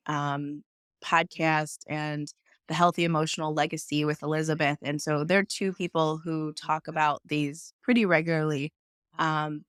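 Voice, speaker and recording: Smooth-voiced woman hosting a chatty podcast. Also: low-pitched, fairly bright tone, no room sound, studio quality. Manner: chatty, open, asks long questions. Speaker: podcast host, mother. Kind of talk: casual interview talk.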